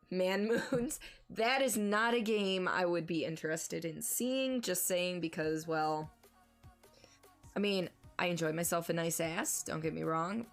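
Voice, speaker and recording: Chatty swearing woman streamer, slow-spoken. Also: on the low side. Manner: chatty and self-deprecating, swears freely. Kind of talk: casual live-stream chat and gameplay commentary.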